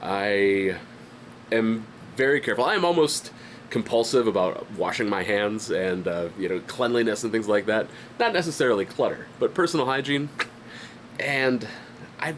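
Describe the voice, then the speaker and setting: This independent artist and channel host speaks in a lowish voice over a faint hiss or hum. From his home studio he gives a casual, rambling vlog update on his art business, sounding stuffy-headed with a light cough. He's self-deprecating and full of fillers and restarts.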